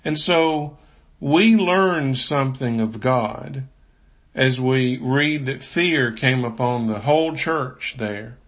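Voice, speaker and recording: Slow, measured male preacher. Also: mid-range voice, fairly bright tone. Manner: slow, measured delivery with scripture readings. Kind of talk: sermon.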